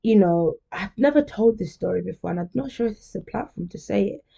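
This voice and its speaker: A woman's voice: medium pitch, expressive, quick pace, creaky, warm tone, husky, muffled recording. A young woman hosting a podcast, talking candidly and chattily in a casual monologue, often laughing. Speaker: podcast host.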